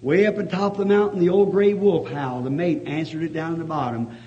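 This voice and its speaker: A man preaching a sermon, telling a folksy story that rises to fervent shouting. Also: a little high, fairly even intonation, fast talker. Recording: dull lo-fi old recording.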